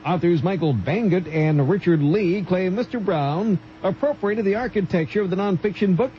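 A man's voice: high-pitched, normal speed. A man co-hosting a radio show, reading news in a dry, mock-formal newsreader manner. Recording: dull radio broadcast with faint hiss.

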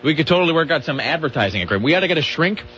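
Joking male radio host, fairly high, lively voice, casual banter; muffled radio audio. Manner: joking, animated, quick asides. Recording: dull lo-fi radio audio with faint hum.

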